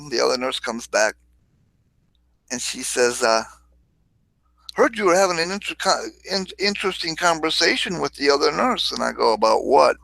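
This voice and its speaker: Bright, dry-voiced man telling crude stories. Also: medium pitch, vocal fry, no echo, low-quality recording. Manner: rambling, crude, laughs often. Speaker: livestream host. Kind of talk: casual storytelling livestream.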